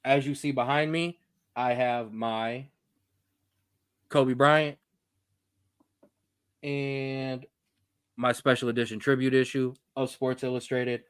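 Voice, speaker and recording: A young man co-hosting a sports podcast, talking in a rambling, jokey, animated way. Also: medium pitch, slow, long pauses, clean tone, dry recording, studio quality. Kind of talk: casual sports chat.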